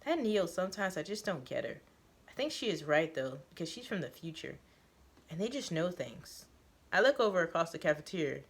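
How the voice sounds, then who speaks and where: A woman reading a first-person story aloud, halting now and then with fillers and self-corrections. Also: on the low side, big pitch swings, slightly rough. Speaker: reader of a story.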